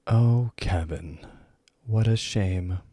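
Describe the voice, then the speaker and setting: Man doing a smug deep-voiced villain. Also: dark tone, no room sound, heavily acted. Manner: smug, slow, taunting. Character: smug cruel male villain, taunting.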